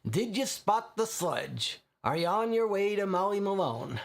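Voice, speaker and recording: A man voicing a huge, burly male brawler who bellows in rhyming slang, loud but grieving. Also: high-pitched, big pitch swings, unhurried, creaky, pitched above the performer's own voice, heavily acted. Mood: boisterous.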